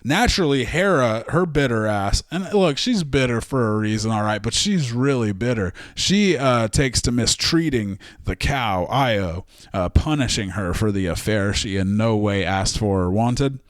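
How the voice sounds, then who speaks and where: A male podcast host retells history as loose, joke-filled comedy, swearing freely and stumbling through fillers. His voice sits in a middle pitch. The recording is dry and close, with no room echo. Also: expressive, a little slow, hardly any pauses. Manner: rambling, profane, jokey, many fillers. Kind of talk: comic history podcast storytelling.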